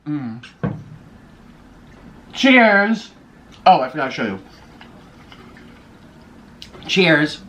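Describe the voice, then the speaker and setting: A man's voice: fairly high pitch, very animated, extremely slow, pauses often, fairly bright tone, slight background noise. Gushing man talking between bites. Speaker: YouTuber. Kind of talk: mukbang eating vlog chatter. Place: indoors by a window in a city apartment.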